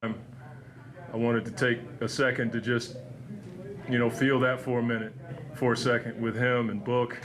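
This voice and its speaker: A basketball coach at a post-game press conference, speaking in a halting, earnest and heartfelt way. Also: male voice, mid-range voice, little pitch movement, a crowd in the background.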